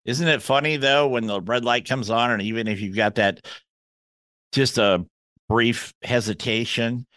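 A man hosting a podcast, chatty and quick to laugh while asking friendly questions. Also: mid-range voice, a bit bright, no room sound. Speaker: podcast host. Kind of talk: casual podcast interview.

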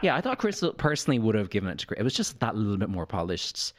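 Man, podcast host, casual chat, swooping animated voice, rapid talker, bursts into impressions. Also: lowish voice. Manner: animated storyteller, puts on voices, cackles.

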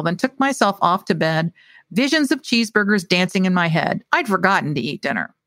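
A woman author reading her own mystery short story aloud with expressive delivery. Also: mid-range voice, no echo.

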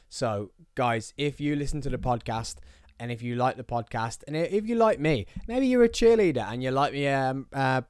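A man's voice: medium pitch, no room sound. A man in his thirties with a Birmingham accent, hosting his own podcast in casual, rambling, jokey chat from a small studio. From England. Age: 30s. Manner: rambling, jokey, goes off on tangents. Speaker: podcast host.

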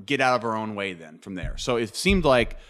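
A man's voice: lowish voice, very animated, a little fast, a bit bright. A man co-hosting a sports talk podcast, building his points step by step in a casual, thoughtful way.

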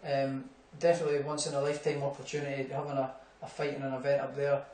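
Fast and even, with a mid-range, slightly mellow voice, a young Scottish boxer is picked up by a distant mic in an echoey, faintly humming room. He chats through rambling anecdotes in a casual interview, laughing and filling pauses often.

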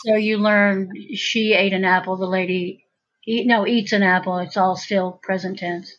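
A woman's voice: mid-range voice, fairly even intonation, normal speed, a bit bright, slight background noise. A woman in casual conversation, chatty and rambling, often restarting her sentences. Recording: dull lo-fi sound.

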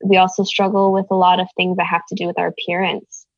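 A woman's voice: on the low side, monotone, fast talker, dry recording, muffled recording. A woman raised in the United States, speaking as an interview guest in an earnest, thoughtful way, searching for her words. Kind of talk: reflective conversation.

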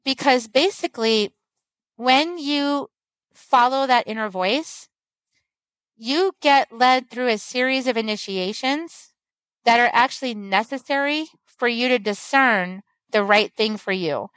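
A woman guest on a podcast, an author and medicine woman, talks about spiritual growth in an earnest, flowing, teacherly way during a casual conversation. Her voice is on the high side and a bit bright, paced in a measured way, with no echo but a rough recording.

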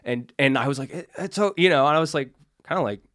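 A man's voice: mid-range voice, fast, a bit bright, no echo, clean studio sound. A man, a comedian guest on a podcast, telling a story in a rambling way full of fillers and swearing.

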